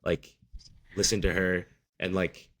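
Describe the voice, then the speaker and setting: A man's voice: low-pitched, level tone, unhurried, a bit bright. A man in his twenties from the Midwestern US, co-hosting a podcast in casual chat. He talks loosely and hedges, with lots of "like" fillers. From Midwestern United States. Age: 20s. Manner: loose, hedging, full of "like" fillers. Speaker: podcast co-host.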